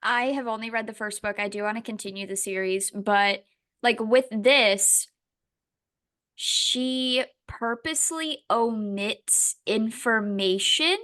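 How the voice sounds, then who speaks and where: Animated young woman podcaster, quick-swearing. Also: a little high. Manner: animated, swearing, dramatic quoting. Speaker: podcast co-host. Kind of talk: casual chat.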